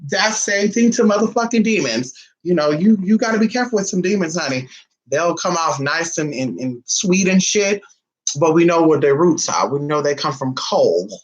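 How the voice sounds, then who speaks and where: A man's voice: on the high side, expressive, normal speed, lo-fi sound. A man vlogging casually, telling family stories in a sassy, flamboyant and profane way. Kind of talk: casual storytelling.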